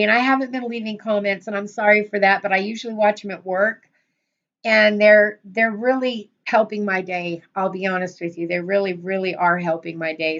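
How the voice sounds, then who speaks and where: A woman's voice: mid-range voice, fairly bright tone, lo-fi sound. A middle-aged woman hosting a casual livestream, gushing over viewers and often repeating herself. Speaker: channel host on a livestream.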